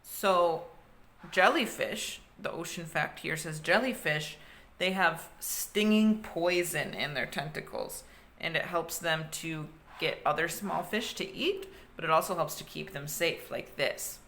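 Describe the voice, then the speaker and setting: A woman's voice: low voice, measured pace, fairly bright tone, slight background noise. A young woman teacher reading a picture book aloud to children, stopping to explain new words.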